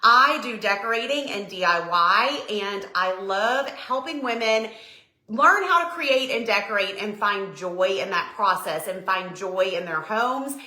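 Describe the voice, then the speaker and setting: A middle-aged woman from Tennessee with a Southern accent, chatting casually and warmly greeting viewers by name on her live stream. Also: mid-range voice, animated, a little slow. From Tennessee, USA. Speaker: decor business owner hosting a live stream. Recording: echoey room.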